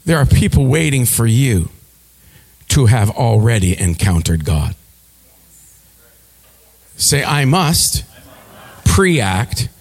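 A man preaching a sermon, telling a story with halting repeats and leading the congregation in call-and-response. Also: medium pitch, gravelly, long reverb tail. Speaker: pastor.

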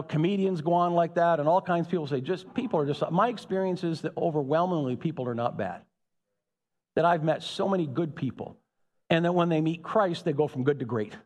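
Animated preaching man in a reverberant hall. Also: medium pitch. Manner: animated preaching with rising emphatic peaks. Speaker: pastor. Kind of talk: sermon.

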